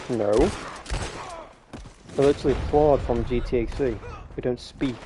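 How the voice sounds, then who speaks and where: There's background noise as a young game streamer talks over his play on a gaming headset, his mid-range voice chatty and casual. He laughs often and swears along the way.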